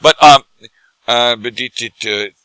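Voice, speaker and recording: A middle-aged man, drunk, telling animated stories in casual bar chat as a guest who acts and teaches comedy. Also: medium pitch, measured pace, clean tone, no echo, poor audio. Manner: animated, laughing, tipsy anecdotes.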